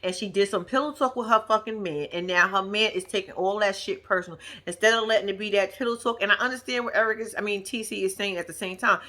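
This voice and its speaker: A woman casually recapping a reality TV episode, slangy and animated, laughing often. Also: medium pitch, fast, hardly any pauses.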